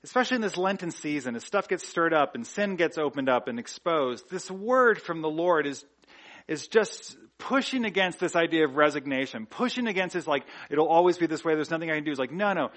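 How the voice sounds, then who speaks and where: Conversational pastor. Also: male voice, a little high, expressive, a little fast, a bit bright. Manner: conversational, frequent "like" fillers and restarts, rhetorical questions. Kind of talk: sermon.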